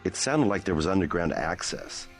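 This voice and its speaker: A man's voice: sits low, big pitch swings, normal speed, creaky, exaggerated voice. An actor playing a male civilian in a video game who passes on a helpful tip, earnest and eager. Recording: game audio with faint music.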